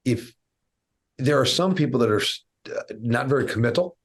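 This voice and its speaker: A man's voice: medium pitch, expressive, normal speed. A man hosting a podcast interview, talking in a folksy, blunt way with frequent restarts. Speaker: podcast host.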